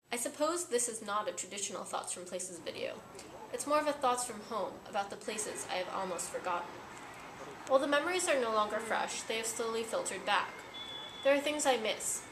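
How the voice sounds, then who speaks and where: A woman's voice: medium pitch, a bit bright. Earnest woman narrating in an echoey room. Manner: thoughtful, earnest. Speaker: vlogger. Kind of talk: reflective voice-over narration. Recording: echoey room with faint noise.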